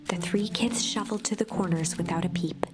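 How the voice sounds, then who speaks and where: Woman narrating in a hushed whisper. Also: on the low side, normal speed, loud music behind the voice.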